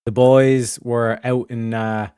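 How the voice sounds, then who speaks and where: A man's voice: medium pitch, little pitch movement, takes it slowly, dark tone, smooth, no echo, clean studio sound. An Irish man hosting a stream in casual chat, rambling and swearing, repeating his catchphrases. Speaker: streamer host.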